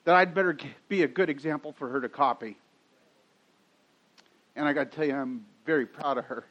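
A man's voice: a little high, a little fast. A middle-aged man preaching a sermon as a pastor, telling stories in a chatty way and laughing often. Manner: chatty storytelling with frequent laughs. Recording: dull lo-fi sound.

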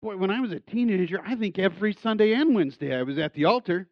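A pastor with a high voice delivers a sermon quickly, eager and enthusiastic yet relaxed and conversational, with lots of restarts and self-deprecating asides. The recording is dry and a bit dull, without any room sound.

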